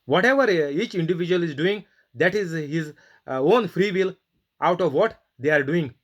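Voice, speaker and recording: A man preaching a sermon, reading Bible verses and leading prayer, with many pauses and fillers. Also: fairly high pitch, lively intonation, dull audio. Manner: halting, many fillers, emphatic rebukes.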